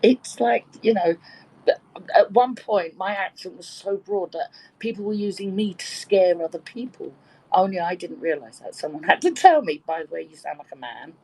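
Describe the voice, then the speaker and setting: A woman's voice: mid-range voice, lively intonation, moderate pace, a little mellow, husky, low-quality recording. A woman in her sixties from Birkenhead with a London accent, telling bawdy stories and laughing often in a casual group chat. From Birkenhead, England. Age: 60s. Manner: bawdy, chatty storyteller who laughs often.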